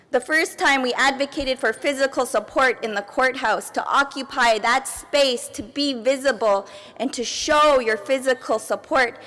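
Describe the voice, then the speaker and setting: A woman giving an earnest, steady public speech as a family advocate before an assembly. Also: sits high. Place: large assembly hall. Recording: reverberant hall sound.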